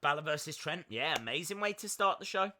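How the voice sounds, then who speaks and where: Pushed, bright and a little high, this young man's voice is animated and slightly fast as he hosts a laid-back wrestling watch-along stream. Chatty and upbeat, he fills gaps with fillers and reads viewer messages aloud.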